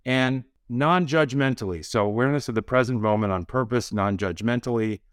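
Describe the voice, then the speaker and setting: A man, a physician guest on a podcast, explaining ideas in a calm, measured way. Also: mid-range voice, clean tone, dry recording, clean studio sound. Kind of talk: conversational interview.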